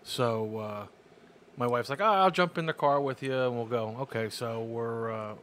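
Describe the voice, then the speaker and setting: A man's voice: medium pitch, normal speed, fairly bright tone, a little hiss or hum. A man co-hosting a casual chat, telling a story in an easygoing, rambling way. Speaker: podcast co-host.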